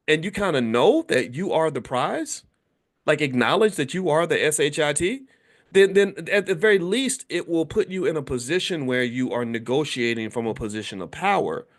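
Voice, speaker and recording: A man talking to camera as host of his own show, animated, often restarting and repeating words as he goes, and breaking into quoted voices. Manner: animated, acts out quoted voices with sudden high pitch jumps. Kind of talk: talk to camera.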